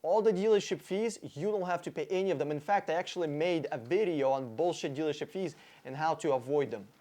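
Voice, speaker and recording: A man's voice: a little high, fast talker, mellow. A man hosting a car-buying video, reacting to an interview clip with blunt, profane sarcasm and mock emotion.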